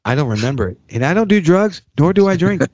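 A man's voice: fairly high pitch, sing-song, fast talker, darkish tone, dry recording, lo-fi sound. A man with a Florida accent hosting a podcast, talking bluntly and profanely, joking about himself in casual conversation. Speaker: podcast host and drummer.

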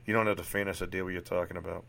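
A man voicing a world-weary middle-aged male psychiatrist with a put-on Boston accent, delivering an earnest, measured monologue. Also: low voice, little pitch movement, vocal fry, a bit bright.

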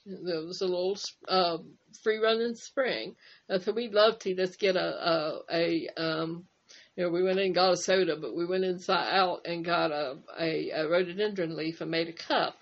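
An older woman co-hosting a casual chat, reminiscing in a rambling, halting way with many fillers. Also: fairly low pitch, steady tone, lo-fi sound. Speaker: co-host.

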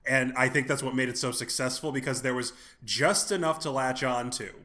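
Co-hosting a podcast, this man speaks briskly in a mid-range voice with a sharp tone. His talk is loose and rambling, with restarted sentences and casual swearing.

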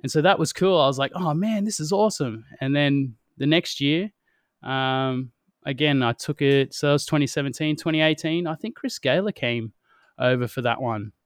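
A young Australian man, a professional wingsuit pilot, telling stories in a relaxed, slangy way and laughing often. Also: medium pitch, normal speed, clear, resonant tone, no echo, clean studio sound. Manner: laid-back storytelling, slangy, laughs often. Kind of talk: casual chat.

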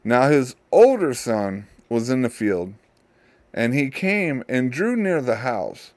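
A man hosting a show who casually retells a Bible story, halting and repeating his words. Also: medium pitch, very animated, darkish tone, no echo. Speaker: host.

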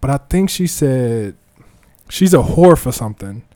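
A comedian guesting on a podcast, telling rambling stories in an animated, casual way. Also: male voice, medium pitch, measured pace. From United States. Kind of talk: casual chat.

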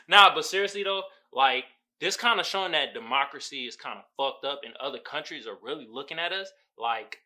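Male podcast host, profane and animated, bright edgy voice. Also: medium pitch, normal speed. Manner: animated, profane, mimics people in quoted voices. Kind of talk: casual commentary monologue.

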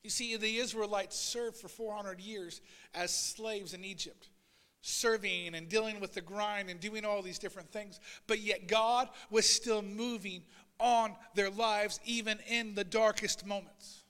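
A man preaching a sermon as pastor, swinging between loud, urgent passages and quiet asides, and voicing Bible figures in a raised voice. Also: sits high, fairly even intonation, measured pace, clean tone, long reverb tail. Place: church sanctuary.

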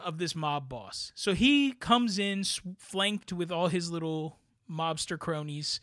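A man with a fairly high voice, chatting on a film podcast. He talks in an animated, blunt way and drops slangy asides. The sound is close and dry, with no room around it. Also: no echo. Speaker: podcast co-host. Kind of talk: casual chat.

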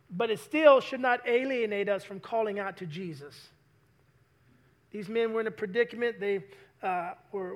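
A male pastor with a strikingly high voice gives a sermon in a church. His tone is bright and forceful. He keeps calling out questions to the congregation as he preaches.

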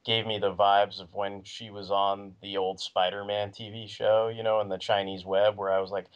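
A man's voice: fairly low pitch, flat delivery, normal speed, clean tone. A man co-hosting a podcast in casual chat, rambling with lots of "you know" and "like". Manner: rambling, filler-heavy talk. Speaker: podcast co-host. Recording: muffled lo-fi recording.

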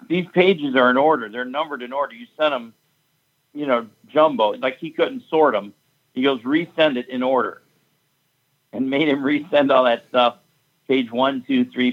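A man's voice: mid-range voice, dull audio. A man, a fight event promoter, telling a story in casual chat, blunt and profane as he recounts a quarrel.

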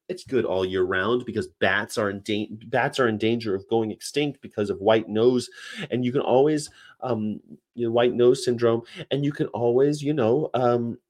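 A man's voice: mid-range voice, darkish tone. A man hosting a casual livestream chat, rambling and laughing often as he reads comments and mimics regional accents. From United States. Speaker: livestream host.

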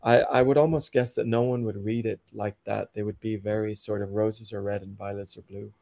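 A man's voice: fairly low pitch, fairly even intonation, fairly quick, gravelly, a little mellow, no echo. A man, a poet, reading his rhyming verse in a rhythmic, accented delivery, then chatting casually as a podcast guest.

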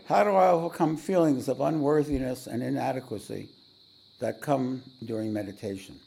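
A man, a spiritual teacher, telling a story to a meditation audience in a rambling way, often clearing his throat and using fillers. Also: medium pitch, moderate pace, mellow.

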